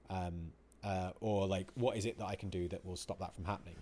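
Animated sweary man chatting. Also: low voice, a little fast, few pauses. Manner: animated, swears freely, acts out his own quoted outbursts. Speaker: podcast co-host. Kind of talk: casual chat.

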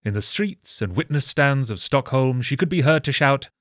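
A man narrating a comedic history story with sardonic, deadpan asides. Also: mid-range voice, normal speed, no room sound, clean studio sound.

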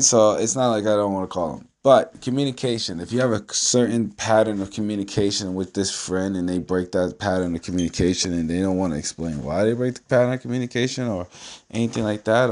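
A man's voice: lowish voice, a little mellow. A man in casual solo talk to camera, loose and streetwise, swearing freely and often asking whether you follow. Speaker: vlogger.

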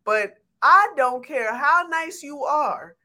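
A woman co-hosting a casual chat, emphatic and outspoken, with slow, drawn-out delivery. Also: high voice, lively intonation, bright, forceful tone.

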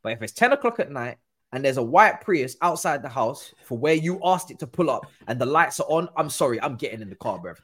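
A man telling an animated story in casual chat, acting out other people's voices. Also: medium pitch, fairly quick. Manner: animated, acts out quoted voices. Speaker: guest football pundit.

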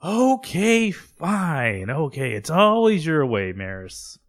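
A man playing a panicky henpecked husband who pleads in a shrill, near-shouting voice during a comic podcast chat. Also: a little fast. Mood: pleading. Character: panicky henpecked adult man, terrified of his wife.

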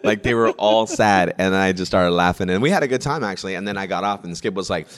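A man who works as a stand-up comedian, telling a story in casual chat, animated and full of restarts. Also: sits low, fast. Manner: animated, acts out quoted voices, many restarts and laughs.

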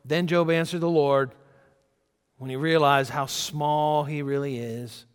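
Animated preacher man in a reverberant hall. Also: mid-range voice. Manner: animated, rising loud when quoting scripture, conversational asides. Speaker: pastor. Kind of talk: sermon.

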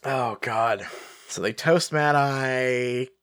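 A podcast co-host in casual book-discussion chat, rambling and animated, full of fillers. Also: medium pitch, drawn-out words, smooth, no room sound, studio quality. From England.

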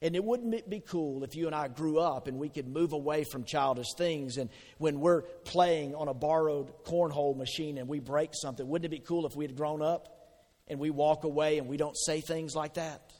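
A man preaching a sermon as pastor, conversational and animated, asking the congregation questions. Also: a little high, moderate pace. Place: church sanctuary. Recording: long hall reverb.

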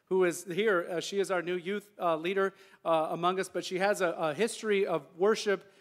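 A man's voice: sits high, steady tone, moderate pace. A male pastor preaching a conversational sermon with casual asides and restarts in a church sanctuary.

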